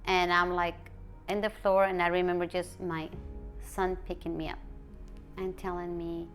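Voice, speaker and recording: Interviewed over soft background music, an emotional woman from Mexico City speaks with a fairly low, somewhat bright voice and little pitch movement. She recounts her story haltingly, restarting again and again.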